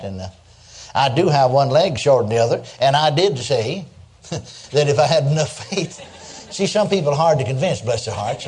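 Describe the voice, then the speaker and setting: A man's voice: fairly high pitch, darkish tone. An older man preaching a sermon, telling stories in a folksy way and chuckling as he goes. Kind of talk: sermon with storytelling.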